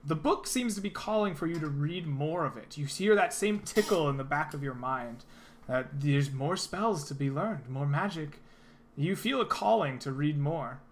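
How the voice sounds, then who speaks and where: A man's voice: fairly high pitch, animated, moderate pace, slight background noise. A man narrating as game master of a tabletop role-playing game, loose and full of fillers.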